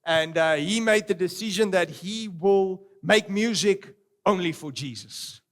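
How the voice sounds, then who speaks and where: A middle-aged man preaching a sermon, animated and swinging between loud exclamations and quiet storytelling. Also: high voice, a little slow. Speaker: pastor.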